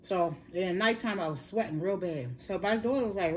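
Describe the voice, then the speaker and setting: A middle-aged woman talks straight to her viewers in a relaxed, earnest way, calling them y'all as she tells her story. Her pitch sits in an ordinary middle range. A faint hum runs behind her voice. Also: quick pace. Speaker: mukbang vlogger. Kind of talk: casual chat to viewers.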